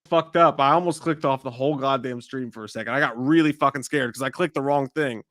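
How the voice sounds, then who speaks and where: A man's voice: mid-range voice, fairly quick, no echo, clean studio sound. A man co-hosting a live movie stream, rambling casually and swearing a lot. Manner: profane, rambling, excitable. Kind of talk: casual chat.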